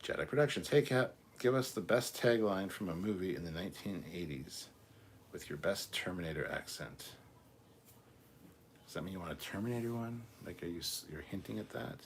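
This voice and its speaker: Low-voiced man reading chat. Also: animated, moderate pace, a little hiss or hum. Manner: reads viewer comments aloud, then answers offhand with swearing. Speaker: livestream host reading chat. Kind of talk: casual live chat.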